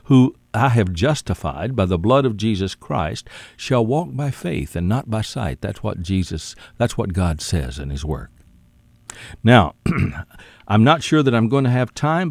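A man's voice: on the low side, a little mellow, no echo. A man preaching a sermon, emphatic and repetitive, often calling the listener "my friend". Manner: emphatic, repeats key words, drawn-out phrasing.

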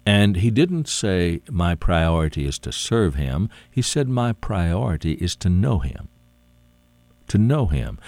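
A man preaching a sermon, slow and deliberate, with rising and falling emphasis. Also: low voice, a little mellow, dry recording.

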